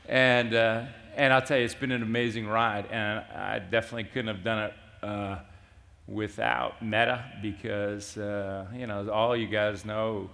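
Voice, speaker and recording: An older man, a company CEO, speaking at a conference fireside chat and telling animated stories with acted-out dialogue. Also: lowish voice, gravelly. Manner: animated storyteller, acts out quoted dialogue. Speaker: CEO being interviewed. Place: conference stage.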